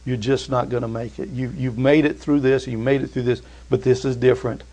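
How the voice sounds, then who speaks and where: A middle-aged man preaching a sermon, dropping to slow, hushed emphasis and climbing to loud, excited peaks. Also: medium pitch. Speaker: pastor.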